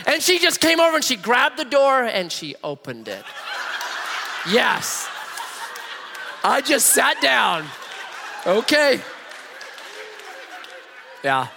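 Lively high-voiced preacher in a hall. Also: male voice, slow, creaky, long pauses, a faint crowd, slight background noise. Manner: animated, humorous, acts out voices. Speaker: pastor. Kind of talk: sermon with personal storytelling. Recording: long reverb of a large hall.

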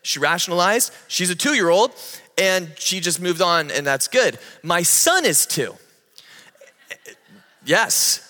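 A man in his thirties preaching a sermon, telling the story with animated energy and acting out the people in it. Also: sits high, slow, pauses often. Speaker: pastor. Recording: long hall reverb.

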